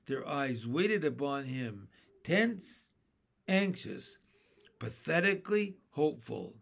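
Lively, slow-paced male storyteller. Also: fairly high pitch, vocal fry. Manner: expressive dramatic storytelling. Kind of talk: reading a children's book aloud.

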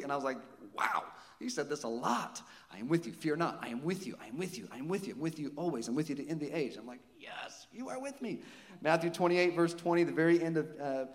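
A man's voice: fairly high pitch, long reverb tail. A man preaching a sermon to his congregation, conversational, with frequent rhetorical questions. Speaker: pastor.

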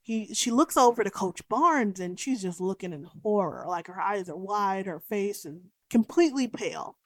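A young woman talks through a horror film with blunt slang and plenty of swearing, and she wanders off on tangents. Her voice sits at an ordinary pitch. It is close and dry, with no room sound. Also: animated, moderate pace, no room sound. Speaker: movie recap host. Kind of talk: casual profane movie recap with tangents.

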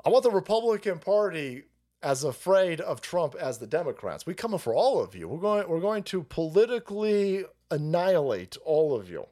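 Brief: male live-stream ranter, swears a lot, slightly high voice with a lively, swooping pitch. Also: moderate pace. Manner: profane, rambling and mocking, often laughing. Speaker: political streamer. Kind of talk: ranting live-stream commentary.

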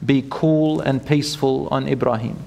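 A man preaching an animated storytelling sermon, acting out quotes and chanting scripture. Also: medium pitch, moderate pace, creaky, slight background noise. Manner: animated, acts out quotes, chants Quran verses. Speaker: Islamic preacher. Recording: long hall reverb.

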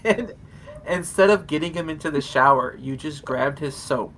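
A man co-hosting a podcast, chatty and quick to laugh in casual conversation. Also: a little high, a bit bright, a little hiss or hum. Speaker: podcast co-host. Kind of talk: casual chat.

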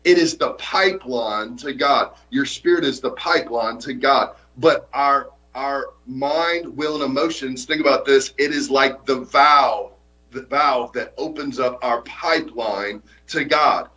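A man's voice: medium pitch, measured pace, pushed and bright, low-quality recording. A man preaching a sermon as pastor, earnest and emphatic, often repeating his points.

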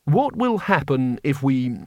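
A mild, courteous teacher figure, voiced by a male reader, measured and diplomatic, with a lively rise and fall. The sound is dry and close. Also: medium pitch, no echo.

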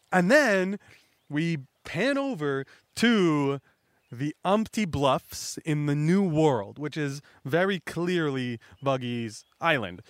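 A man's voice: a little high, smooth, dry recording. A young man hosting a casual recap chat, rambling with lots of fillers and now and then acting out characters. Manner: rambling, filler-heavy, acts out characters in raised voices. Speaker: host recapping a manga chapter.

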